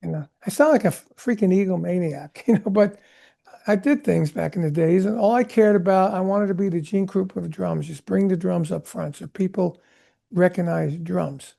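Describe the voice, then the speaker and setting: Old guy, gravelly voice, chatty drummer guest telling stories, acts out the quotes. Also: high voice, normal speed. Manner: animated rambling anecdotes, acts out quotes. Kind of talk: storytelling interview chat.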